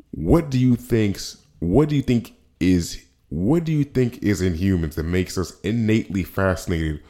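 A man's voice: low-pitched, darkish tone. A man hosting his own podcast in a casual solo monologue, rambling with frequent restarts and slang asides. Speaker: podcast host.

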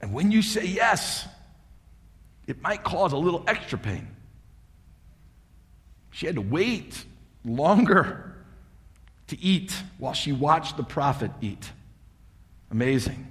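A man's voice: a little high, big pitch swings, takes it slowly, pauses often, a bit bright. A man preaching a sermon as pastor, emphatic and asking the congregation rhetorical questions. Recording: long hall reverb.

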